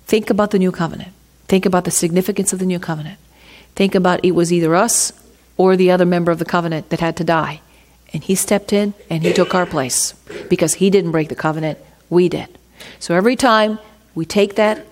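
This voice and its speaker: A woman's voice: on the low side, brisk, a little mellow. A woman teaching from scripture in a conversational way, reading verses aloud and then asking her listeners rhetorical questions. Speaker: Bible teacher.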